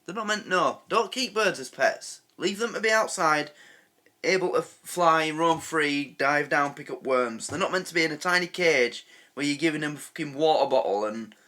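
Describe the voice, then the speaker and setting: An English man hosting a reaction video, giving animated, casual commentary and ranting with laughs. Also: on the high side, normal speed. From England.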